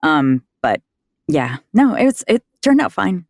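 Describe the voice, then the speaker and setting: A narrator tells a work story on a roundtable, animated and laughing often. The voice is gravelly with vocal fry, and the sound is dry and close. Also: mid-range voice, a little slow, no echo. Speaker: audiobook narrator, guest. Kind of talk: casual roundtable discussion.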